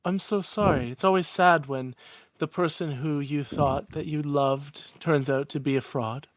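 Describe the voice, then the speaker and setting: A man's voice: on the high side, steady tone, a little slow, dry recording, lightly acted. A man voicing a prim, sweetly polite young woman in a tabletop game podcast, recorded close and dry.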